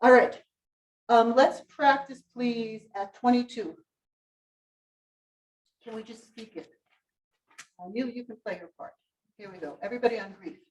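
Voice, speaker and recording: A woman's voice: on the high side, unhurried, long pauses. A woman directing a choir rehearsal, coaching the singers and singing short phrases to show how they should go. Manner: sings phrases to demonstrate, animated coaching. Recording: roomy rehearsal hall, from far off.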